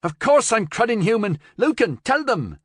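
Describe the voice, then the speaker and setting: A man voicing a desperate, frightened father in an audiobook, pleading and straining into shouts. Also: medium pitch, big pitch swings, normal speed, no echo, studio quality, voice pushed up. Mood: outraged. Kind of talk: audiobook character voice.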